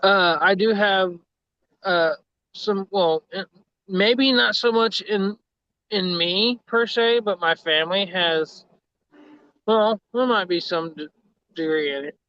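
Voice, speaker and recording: A man's voice: sits high, slow pace, long pauses, sharp tone, clear, resonant tone, no echo, lo-fi sound. A man from Texas, chatting casually on a livestream and telling stories full of swearing and laughter. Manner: profane, laughing storyteller. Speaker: livestream co-host. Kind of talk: casual chat.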